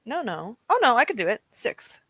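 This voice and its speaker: A young woman chats casually with viewers during a reading stream. She laughs easily, and her bright voice moves up and down a lot. The mic is close and dry. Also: on the high side, big pitch swings, normal speed, husky, no echo. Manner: chatty and giggly, often laughs and reacts to chat. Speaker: streamer hosting reading sprints. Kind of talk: casual chat with live chat. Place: home desk.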